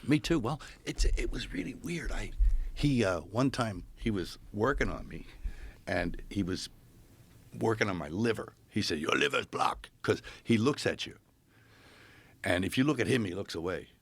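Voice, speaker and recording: A man chatting casually, telling animated stories and acting out the people in them. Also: fairly low pitch, moderate pace, vocal fry, slightly rough. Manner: animated storyteller who acts out voices. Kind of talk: casual chat.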